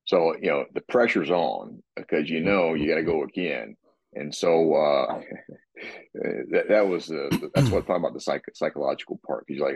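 A man with a very deep, husky voice explains his workout in casual podcast talk. He rambles and restarts, and he often clears his throat. The sound is dry and muffled. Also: normal speed, no echo. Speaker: guest describing his workout.

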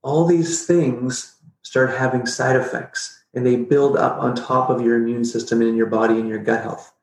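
Animated storytelling man, roomy sound. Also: medium pitch, normal speed. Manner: animated, jokey, acts out his own past reactions. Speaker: podcast guest. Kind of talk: casual storytelling interview. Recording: roomy echo.

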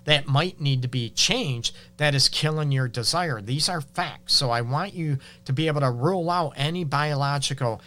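A man's voice: on the high side, normal speed, hardly any pauses, fairly bright tone. A man with a Detroit accent hosting a relationship advice show, talking frankly and conversationally with many fillers. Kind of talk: casual advice talk.

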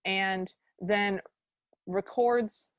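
A woman's voice: mid-range voice, fairly even intonation, drawn-out words, dry recording. A woman co-hosting a podcast, recapping a movie in casual chat with a sarcastic, exasperated edge. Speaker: podcast co-host.

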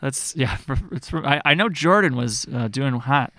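A man co-hosting a casual podcast chat, goofy and quick to laugh at his own jokes. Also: mid-range voice, expressive, bright, forceful tone, no echo. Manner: goofy, jokey, giggly. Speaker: podcast co-host.

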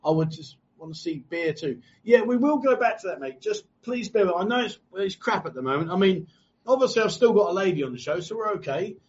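A man's voice: sits high, animated, fairly quick, a little mellow. A man hosting a casual live stream, reading out viewer comments and teasing his co-host. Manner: joking, teasing, swears freely. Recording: dull lo-fi live stream audio.

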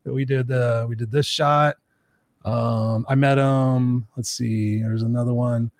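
A man telling a personal story in casual chat, animated and acting out the voices of the people he quotes. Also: medium pitch, takes it slowly, no room sound, clean studio sound. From Southern California. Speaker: host.

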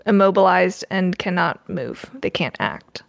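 A woman's voice: lowish voice, animated, measured pace, creaky, dry recording, studio quality. A woman playing in a tabletop role-playing game, asking eager questions about the scene. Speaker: player. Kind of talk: tabletop role-play banter.

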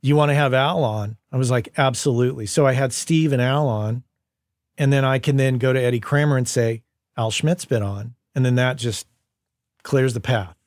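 A man's voice: medium pitch, moderate pace, no room sound, clean studio sound. A man hosting a podcast, telling stories in casual conversation and livening up the people he quotes. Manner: storytelling, animated when quoting people. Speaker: podcast host.

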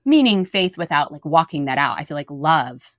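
Mom cohost, super low voice, animated storyteller, dry mic. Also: female voice, moderate pace, no room sound. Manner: animated storyteller, acts out quoted lines. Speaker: podcast co-host, mother. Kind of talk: faith-based parenting podcast chat.

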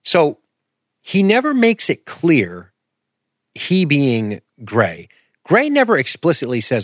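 A man hosting a podcast, talking in an animated, rambling, self-deprecating way and throwing in sound effects. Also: mid-range voice, slow, no room sound, clean studio sound. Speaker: podcast host. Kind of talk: casual podcast commentary.

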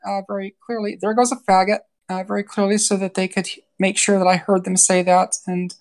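A woman's mid-pitched voice with a gravelly, creaky edge. She is a guest from New York on a podcast interview. She tells her own story openly and earnestly, often stopping to restart a phrase. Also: level tone, a little fast, a little mellow. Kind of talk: candid personal interview.

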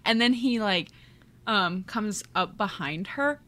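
Woman, podcast host, casual chat, bright, gushing. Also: medium pitch, lively intonation, takes it slowly. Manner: gushing, chatty recap with many fillers.

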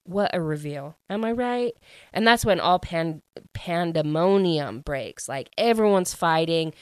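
A woman casually recapping a novel's plot, chatty and animated and full of fillers. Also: on the low side, unhurried, clean tone, no room sound. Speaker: book reviewer.

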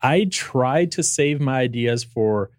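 A man's voice: mid-range voice, slow pace, no echo. Podcast host, male, rambling joker, mid voice, dead-dry mic. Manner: rambling, jokey. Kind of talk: casual chat.

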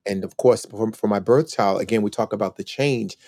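A reflective man in his sixties tells stories of his family as a podcast guest, now and then taking on the voices of the people he quotes. His voice sits low. The sound is close and dry, with no room around it. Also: fairly quick, mellow, dry recording. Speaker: podcast guest, retired police officer. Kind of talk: storytelling interview talk.

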